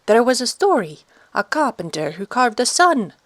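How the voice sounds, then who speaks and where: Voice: medium pitch, big pitch swings, moderate pace, a bit bright, dry recording, pitched above the performer's own voice. A narrator doing a frail, trembling old woman. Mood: awed. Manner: breathless, murmuring.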